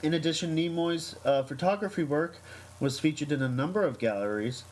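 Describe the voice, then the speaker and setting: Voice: mid-range voice, fairly quick, a little mellow, poor audio. A podcast host in casual chat, reading a news item aloud with many hesitations, then telling a story. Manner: hesitant, many ums and uhs.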